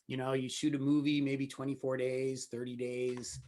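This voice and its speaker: A man in his sixties recounts on-set stories as a guest director in a laid-back interview. He slips into the voices of the people he quotes, at an everyday middle pitch. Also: level tone, moderate pace, warm tone. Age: 60s. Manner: anecdotal, acts out quoted dialogue. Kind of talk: relaxed interview storytelling.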